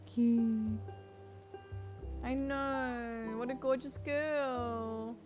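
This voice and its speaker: A woman talks slowly and gushes to her live-stream viewers in a casual, cooing way. Her voice sits on the higher side, and faint music plays underneath. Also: fairly even intonation. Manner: gushing, cooing over cats, talking to chat.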